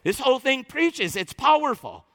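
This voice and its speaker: A man preaching a sermon as pastor, animated and emphatic, acting out quoted speech. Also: extremely high pitch, moderate pace, big-room sound.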